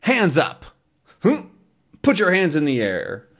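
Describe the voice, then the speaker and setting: A man's voice: fairly high pitch, huge pitch swings, takes it slowly, breathy edge, pitched above the performer's own voice, full character voice. A man voicing a brave young male reporter from a comic, giving firm, clipped orders. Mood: commanding.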